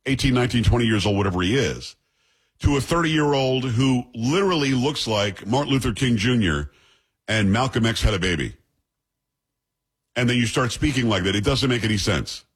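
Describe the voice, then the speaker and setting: A man talks in a husky, mid-pitched voice. He comments on politics bluntly and with scorn, as the host of his own show. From New York.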